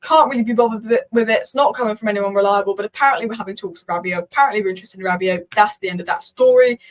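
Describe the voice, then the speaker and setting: A woman hosting her own football channel, giving rapid, opinionated commentary and thinking aloud as she talks. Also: medium pitch, rough recording. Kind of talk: casual talking-head commentary.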